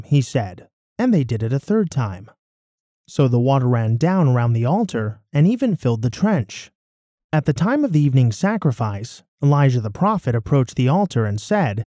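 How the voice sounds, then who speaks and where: A man narrating a scripture passage in a measured, expressive way, his pitch moving widely across phrases. His tone is mellow and soft-edged. The recording is dry and close, with no room sound. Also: no room sound. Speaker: scripture reader.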